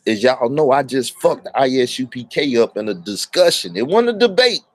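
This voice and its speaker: A man's voice: medium pitch, big pitch swings, moderate pace, dry recording. A man, talking bluntly and profanely in a casual monologue, often stumbling over his words. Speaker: online commentator.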